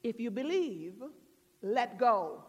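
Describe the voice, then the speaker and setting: A woman voicing the voice of God from heaven, asking slow, deliberate questions in a sermon. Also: on the high side, sing-song, breathy edge, heavily acted. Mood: solemn. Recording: long church reverb.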